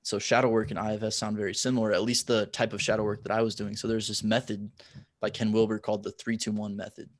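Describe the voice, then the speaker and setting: A man hosting a podcast, talking in a relaxed, loose way with many fillers. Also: fairly low pitch, quick pace, no echo. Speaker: podcast host. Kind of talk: casual conversation.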